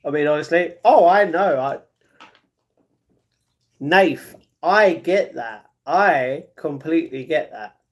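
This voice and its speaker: A man hosting a casual live stream, reading the chat, chatty and slangy, jumping between excited outbursts and muttered asides. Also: on the high side, takes it slowly, pauses often, muffled recording. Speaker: livestream host.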